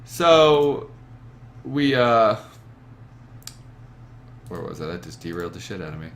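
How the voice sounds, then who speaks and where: A young man with a lowish voice hosts a gaming podcast over his webcam. He rambles and swears freely, leaning hard on his points. A faint hiss of room noise sits behind him. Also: sing-song, slow, fairly bright tone. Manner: profane, rambling, emphatic. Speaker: podcast host. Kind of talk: casual chat. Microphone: webcam setup.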